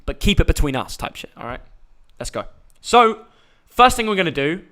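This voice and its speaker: A man's voice: on the high side, sing-song, normal speed, sharp tone. Chatty young man rambling. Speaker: YouTube host. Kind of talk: casual live-stream chat.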